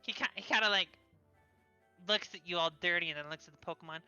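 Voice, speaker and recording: A woman's voice: lowish voice, fast talker, clean tone, lo-fi sound, soft background music. A woman narrating a tabletop game as game master, giggly and chatty. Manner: giggly, lively, chatty with fillers.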